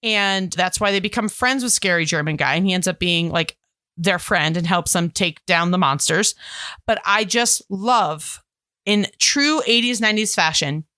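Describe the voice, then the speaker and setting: A woman co-hosting a podcast in casual chat, animated and gushing, with plenty of fillers and laughter. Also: lowish voice, normal speed, no echo, clean studio sound. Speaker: podcast co-host.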